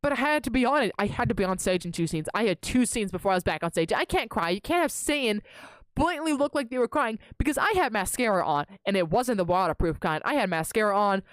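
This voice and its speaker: A woman's voice: mid-range voice, expressive, fast, no echo. A young woman streamer casually telling a rambling, self-interrupting story to her live chat, dramatizing her own reactions.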